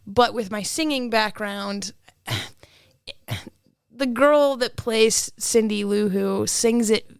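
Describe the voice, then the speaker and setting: A woman's voice: on the high side, takes it slowly, creaky, clear, resonant tone, no room sound, clean studio sound. A woman from Indiana, a guest co-host in a casual podcast chat, talking in an opinionated way with lots of fillers. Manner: chatty, opinionated, filler-heavy.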